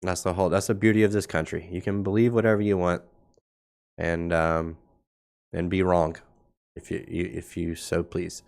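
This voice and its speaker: Male livestream market host, lowish voice, sarcastic and blunt, thinking aloud, slight cough. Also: little pitch movement, moderate pace, vocal fry, darkish tone. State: coughing now and then. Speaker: crypto market show host. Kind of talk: casual livestream market commentary.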